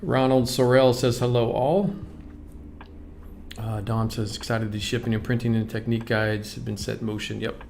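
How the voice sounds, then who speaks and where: A man's voice: medium pitch, steady tone, moderate pace, gravelly, darkish tone, a little hiss or hum. A man hosting a live stream, greeting viewers and reading their comments aloud in a casual, upbeat way. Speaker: livestream host.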